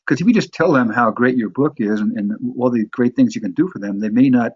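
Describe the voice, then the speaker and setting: In an instructional talk on sales presentations, a man from the New York area speaks fairly quickly in a conversational way, with lots of restarts and repeated words. His voice is medium-pitched with a breathy edge. No echo is present, but the highs are cut off.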